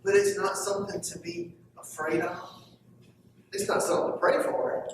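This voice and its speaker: A man's voice: high-pitched, steady tone, normal speed, background noise. Preaching man in an echoey church. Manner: preachy, swinging from loud to hushed. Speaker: pastor. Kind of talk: sermon. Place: church sanctuary. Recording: echoey church heard from far off.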